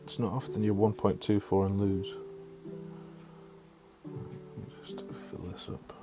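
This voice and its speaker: A man's voice: lowish voice, level tone, unhurried. A middle-aged man streaming a game in casual, chatty talk, muttering and swearing to himself. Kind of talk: casual chat over live gameplay. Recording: faint music behind.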